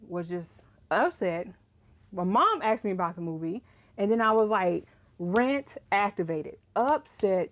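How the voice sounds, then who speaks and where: A young woman chatting casually to camera about writing, animated and ranting, laughing often. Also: a little high. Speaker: writing vlogger.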